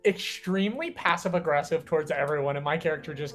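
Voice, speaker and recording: A man co-hosting a podcast, in a casual chat, telling tabletop game stories in an animated way with many fillers. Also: on the high side, fast, hardly any pauses, soft background music. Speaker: podcast co-host and tabletop player.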